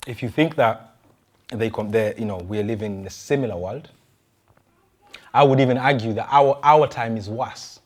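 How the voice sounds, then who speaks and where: A man, a pastor, giving a conversational sermon full of rhetorical questions and quick restarts. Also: lowish voice.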